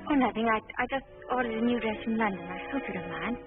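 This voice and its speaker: An actress playing a shy, timid young wife in a 1940s film drama, hesitant and apologetic, often stammering. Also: female voice, on the high side, fast talker, over music, lightly acted. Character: shy, timid young bride, unsure of herself. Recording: tinny old film soundtrack with hiss.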